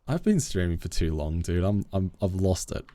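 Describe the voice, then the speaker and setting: A man's voice: low-pitched, wildly swooping pitch, measured pace, no echo. A man live-streaming a game, chatting casually with viewers in a goofy, self-mocking way.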